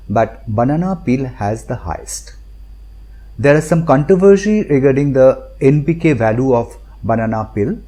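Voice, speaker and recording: Man, Indian English accent, mellow tone, animated pitch; methodical instructional host. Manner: methodical, explanatory, lists points one by one. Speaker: gardening channel host. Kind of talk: instructional narration.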